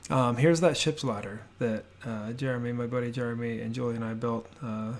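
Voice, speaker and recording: A man giving a relaxed, rambling voiceover house tour from his home office, with many fillers and restarts. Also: mid-range voice, fairly quick, slight background noise. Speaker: homebuilding vlogger.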